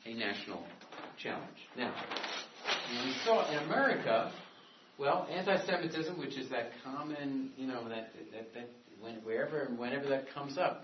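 Picked up from afar in an echoey room, this classroom lecture sounds dull and muffled, with a little hiss or hum. The lecturer has a mid-range voice and wanders conversationally, full of asides and restarts.

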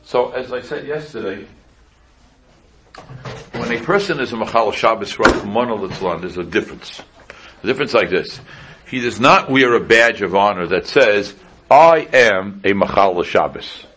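A man's voice: lowish voice, lively intonation, moderate pace, a bit bright, a little hiss or hum. A man, a rabbi giving an informal Torah lecture in a conversational way, repeating pointed rhetorical questions. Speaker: rabbi teaching a class.

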